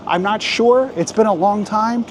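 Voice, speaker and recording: Man in his thirties, travel vlogger, chatty and joking, slightly high voice, filmed outdoors with clear street and traffic noise. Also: a little slow. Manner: chatty, joking, thinking aloud. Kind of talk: casual walking vlog.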